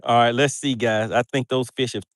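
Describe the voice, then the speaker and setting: A chatty man hosts a casual fishing livestream outdoors on a boat. His voice sits at a middle pitch and sounds dry, with little room echo. He talks loosely and laughs often. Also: steady tone, fairly quick. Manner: chatty, reads viewer comments aloud, laughs often.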